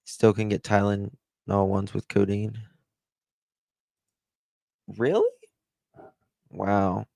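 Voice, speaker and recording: Slow, gravelly-voiced man chatting on a livestream. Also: lowish voice, little pitch movement, warm tone, dry recording. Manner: rambling, chatty, fills with "uh" and "like". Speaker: livestream host. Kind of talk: casual livestream chat, thanking viewers.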